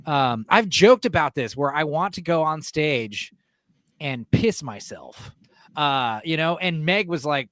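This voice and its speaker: A man hosting a casual podcast, telling stories animatedly and acting out scenes with sudden high yelps. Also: lively intonation, a little slow, fairly bright tone, dry recording, clean studio sound. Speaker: podcast host. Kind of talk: casual chat.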